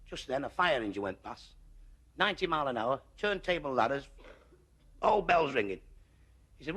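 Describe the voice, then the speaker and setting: A Mancunian man doing stand-up, firing off one gag after another and landing the punchlines flat. His voice sits a little high and gravelly, with a bright, sharp edge. His pitch swings widely as he jumps between the characters. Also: slight background noise. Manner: brisk joke-telling with deadpan punchlines. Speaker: stand-up comedian. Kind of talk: stand-up comedy.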